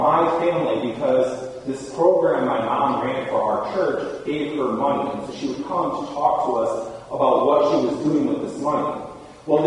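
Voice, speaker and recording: A man preaching a casual, conversational sermon, full of fillers, and laughing easily. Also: a little high. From Michigan. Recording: very echoey hall, far from mic.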